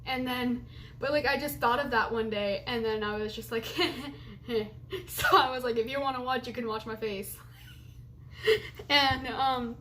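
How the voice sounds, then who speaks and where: A young woman in her late teens chats her way through a casual vlog, rambling from one thought to the next and laughing often along the way. Her voice sits a little high, with a faint hiss of noise under it. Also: fairly even intonation, brisk, a bit bright. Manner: rambling, chatty, laughs often between remarks. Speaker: vlogger.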